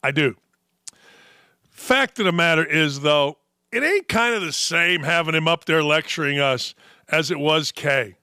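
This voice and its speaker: A man hosting a sports talk show, ranting with sarcasm and animated swings. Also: a little high, a little slow, clear, resonant tone, no room sound, clean studio sound.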